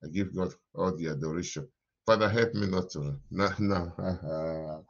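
Animated male preacher, lo-fi audio. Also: deep voice, measured pace, creaky. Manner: animated preaching, repeats phrases, laughs often. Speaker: pastor. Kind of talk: morning devotion sermon.

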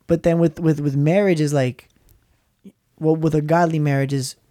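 A man's voice: fairly high pitch, steady tone, normal speed, warm tone. A man in casual faith talk, rambling and repeating words as he tells stories.

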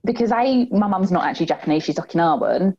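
A woman's voice: lowish voice, animated, quick pace, warm tone, slightly rough, highs cut off. A woman with a Cockney English accent talking openly and reflectively as an interview guest, with many fillers. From England. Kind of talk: candid conversational interview.

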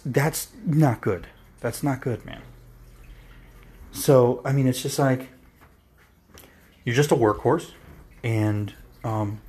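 A man's voice: mid-range voice, darkish tone, husky. A man hosting his own podcast, delivering a heated, profane, rambling solo rant full of restarts. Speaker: podcast host.

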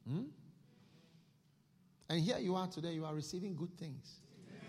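A man preaching a sermon, telling a story in an animated way at a church service. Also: a little high, normal speed, pauses often, a little hiss or hum. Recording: echoey hall.

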